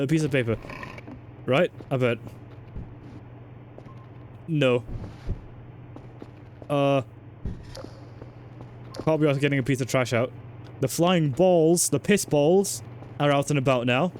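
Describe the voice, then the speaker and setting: A man's voice: mid-range voice, unhurried, long pauses, a little mellow, slight background noise. A man streaming a game in casual commentary, chatty, swearing and joking while talking to his chat.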